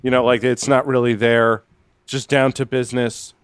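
A man co-hosting a podcast, answering with deadpan, mock-offended quips. His pitch sits in the middle range, and the recording is dry and close. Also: normal speed, clean tone, no room sound. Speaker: podcast co-host. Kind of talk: casual banter.

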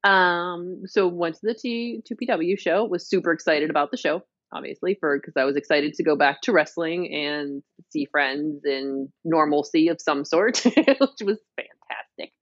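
Woman co-host, low voice, giggly rambling storytelling, dull dry lo-fi mic. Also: fairly even intonation, moderate pace, few pauses, no echo. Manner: laughs often, rambling storytelling. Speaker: podcast co-host. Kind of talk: casual chat.

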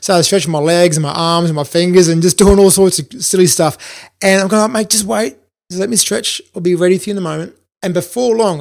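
A man telling a personal anecdote in an animated way, acting out the lines he remembers. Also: a little high, vocal fry. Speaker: storyteller recalling school work.

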